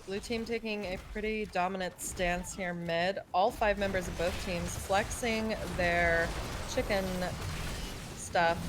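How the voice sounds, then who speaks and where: A woman casting a video game match live, chatty and joking between calls of the action. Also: medium pitch. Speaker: esports caster. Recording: noisy online stream audio.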